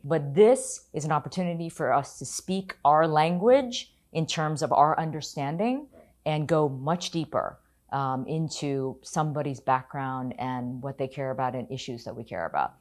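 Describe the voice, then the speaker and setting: Low-voiced woman journalist recounting her story. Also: normal speed. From Ohio, United States. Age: 50s. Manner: candid, animated storytelling with sudden emphatic outbursts. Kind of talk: personal storytelling interview.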